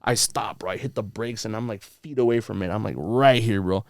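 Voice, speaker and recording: A podcast guest in a podcast studio tells a long, rambling, profane story, peppering it with "bro" and "dude." His lowish voice is fairly quick and creaky. There is no room sound.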